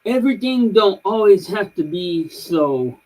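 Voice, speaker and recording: Man putting on a pouty small girl, high and put-upon, sulking at an uncle. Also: expressive, unhurried, a little mellow, rough recording. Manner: pouty, searching for words. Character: sulky little girl of about five.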